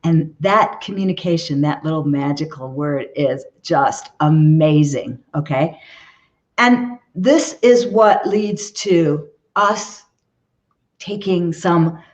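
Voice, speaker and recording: A woman's voice: low-pitched, slow pace, muffled recording. A woman guesting as a relationship expert, talking earnestly in an interview and often checking in with "okay?". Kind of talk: conversational interview advice.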